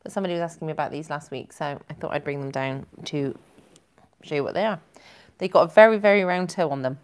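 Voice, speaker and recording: A woman's voice: low voice, fast, clean tone. A woman hosting a casual live stream, chatting and giggling as she reads out viewer comments. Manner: chatty and giggly, rambling with self-corrections.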